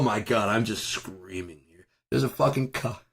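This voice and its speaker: A man with a low, raspy voice that has gone hoarse from a lot of screaming. He talks at home in a profane, wandering monologue, breaking into loud angry outbursts. The husky rasp stays in every word. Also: normal speed, few pauses. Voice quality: raspy, gravelly. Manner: profane, ranting, with bursts of loud shouting. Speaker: vlogger. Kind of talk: casual rambling monologue.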